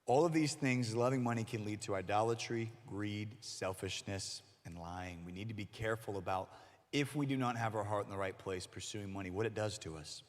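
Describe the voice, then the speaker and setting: A man preaching a sermon to middle schoolers as their youth pastor, animated and acting out the voices he quotes. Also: lowish voice, a little fast. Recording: long hall reverb.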